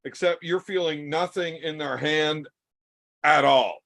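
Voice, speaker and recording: A man with a fairly high voice hosts a casual podcast. He cuts in with quick, joking questions and crude remarks. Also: vocal fry, a bit bright. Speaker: podcast host. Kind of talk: casual chat.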